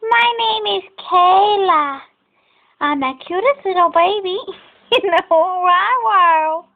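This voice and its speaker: A cheeky sweet baby girl, as a mother speaks for her, sing-song baby talk, very high, slow and drawn out, tinny lo-fi home video sound. Unhurried and cooing, with a thin phone-like tone. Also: heavily acted. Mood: boastful.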